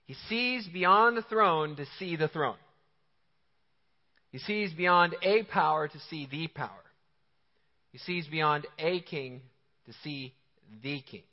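A man preaching a sermon with energetic, emphatic, conversational delivery. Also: on the high side. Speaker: pastor. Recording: reverberant hall, slightly dull sound.

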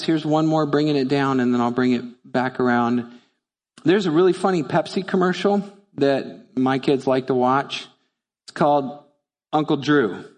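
A middle-aged male pastor preaches in a mid-pitched voice. He shifts between casual storytelling and fervent, rising rhetorical questions. His voice carries the long reverb of a church hall. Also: darkish tone. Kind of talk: sermon. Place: church sanctuary.

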